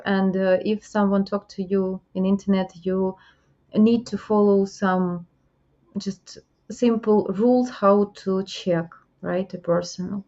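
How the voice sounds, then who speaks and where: Female interviewer, halting and advice-giving, mid-pitched voice on a dull, lo-fi recording. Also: darkish tone. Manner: halting non-native English, frequent fillers, advising. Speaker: host. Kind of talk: interview about dating scams.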